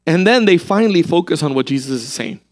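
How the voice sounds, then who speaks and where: A man preaching a sermon as a pastor, animated and full of rhetorical questions. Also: fairly high pitch, quick pace.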